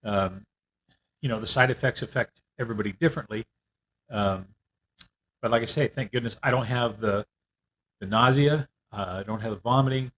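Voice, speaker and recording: An older man giving a casual, candid video update on his treatment. He rambles a little, fills pauses often, and sounds worn out. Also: mid-range voice, fairly bright tone. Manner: candid, rambling, with frequent fillers. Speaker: vlogger. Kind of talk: casual personal health update.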